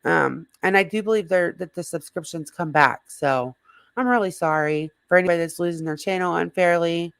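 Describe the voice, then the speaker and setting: Hoarse woman rambling on a livestream, kinda low voice, dry close sound. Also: fairly quick, dry recording. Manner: rambling, greets chat viewers by name. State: slightly hoarse. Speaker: livestream host. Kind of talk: casual livestream chat.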